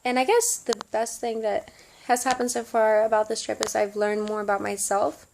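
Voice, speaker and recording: A woman's voice: on the high side, moderate pace, creaky, a little mellow, slight background noise. A young woman with a Southern American accent, chatting casually to camera in a study-abroad vlog, with lots of ums and giggles. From Southern United States. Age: young adult. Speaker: study abroad student vlogger.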